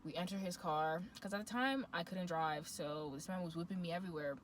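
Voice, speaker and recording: A woman, telling a dating story to camera in a lively, slangy, dramatic way. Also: on the low side, fairly quick, noisy background. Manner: animated, slangy, dramatic retelling. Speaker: vlogger. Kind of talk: storytime monologue.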